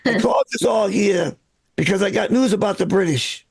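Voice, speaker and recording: Guy putting on a rowdy boston townie boss, yelling and cursing, high gravelly voice. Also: moderate pace, exaggerated voice. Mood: rowdy bossy. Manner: shouting, bossy, profane. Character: brash loudmouth male Boston townie rebel leader.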